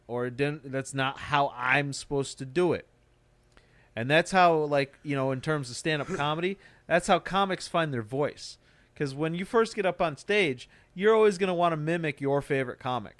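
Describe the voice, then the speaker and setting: A man's voice: mid-range voice, no room sound. A man who does stand-up, hosting a podcast and ranting in a casual, profane, motivational way. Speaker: podcast host; stand-up comic. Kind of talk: casual chat.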